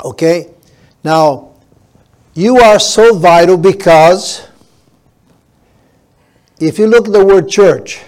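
Slow, deliberate preaching man. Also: fairly high pitch, a little mellow. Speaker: pastor. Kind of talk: sermon.

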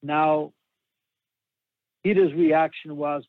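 A man preaching a sermon slowly and emphatically, pausing often between phrases. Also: on the high side, no room sound. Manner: slow, emphatic preaching with long pauses. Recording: dry, tinny phone-like sound.

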